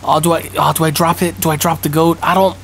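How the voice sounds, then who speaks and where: A young man giving live commentary on a multiplayer game, excitable and panicky, yelping and throwing in a lot of slang. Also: fairly high pitch, fast, vocal fry, slight background noise. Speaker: gaming streamer.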